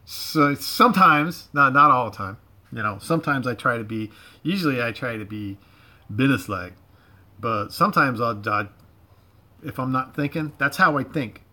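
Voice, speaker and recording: Bright-voiced Southern drawling man. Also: mid-range voice, lively intonation, moderate pace. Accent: Southern US drawl with Cajun touches. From Florida, USA. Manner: rambling, repeats himself, folksy slang. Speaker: livestream host. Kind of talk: casual livestream chat. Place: home garage.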